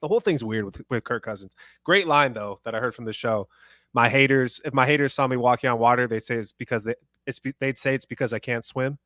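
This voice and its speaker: A man's voice: mid-range voice, quick pace, a bit bright, no echo, clean studio sound. A man co-hosting a sports podcast, chatting casually about players. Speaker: podcast co-host.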